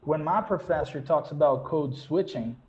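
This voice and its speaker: Man telling lively stories on a call. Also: a little high, normal speed, roomy sound, muffled recording. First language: Portuguese. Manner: animated storytelling, acts out quoted voices. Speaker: English teacher and panelist. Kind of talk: panel discussion.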